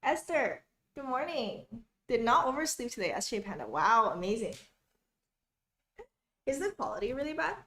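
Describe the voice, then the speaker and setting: Young woman, study-stream host, upbeat casual chat, reads comments, greets viewers, fairly high voice. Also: very animated, normal speed, long pauses, fairly bright tone.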